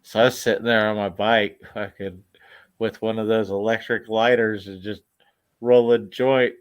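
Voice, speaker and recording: A man's voice: on the low side, flat delivery, normal speed, no echo. A man telling a long story in casual chat, laid-back and profane, laughing as he goes.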